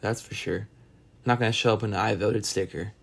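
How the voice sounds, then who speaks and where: A man's voice: fairly low pitch, steady tone, brisk, creaky, fairly bright tone. Rambling, profane male podcast host. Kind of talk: solo podcast monologue.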